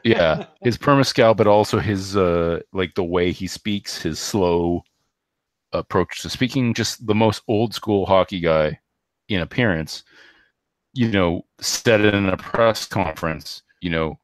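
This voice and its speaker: Low-voiced man, rambling hockey talk. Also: dry recording. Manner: rambling, hesitant, many fillers and restarts; reads stats in a quick, flat run. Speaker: podcast co-host.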